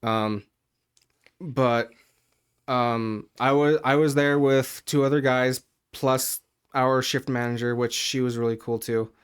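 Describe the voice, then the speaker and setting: A man co-hosting a podcast, his voice smooth and clean. He tells stories in a loose, rambling way, peppered with ums and casual swearing. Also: medium pitch, fairly even intonation, slow. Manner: rambling storytelling, heavy on fillers and swearing. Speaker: podcast co-host. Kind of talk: casual chat.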